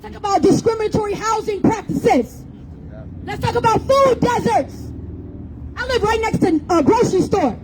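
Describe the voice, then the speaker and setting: A woman's voice: extremely high pitch, moderate pace, background noise. A woman giving an impassioned rally speech outdoors, blunt and profane, with mocking jokes. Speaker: rally speaker. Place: outdoor public rally in a city square.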